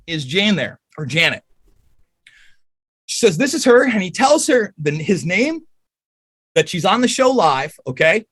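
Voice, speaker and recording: A man's voice: sits high, pushed and bright, slightly rough. Angry, profane man ranting. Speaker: podcast guest. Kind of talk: heated podcast rant.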